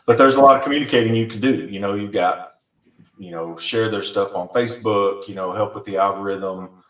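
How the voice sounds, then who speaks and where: A man's voice: deep voice, a bit bright. A man on an online meeting who talks in a rambling, hesitant way, filling gaps with "you know.". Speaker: deputy director of communications. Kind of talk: casual video-call meeting. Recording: distant, echoey video-call audio.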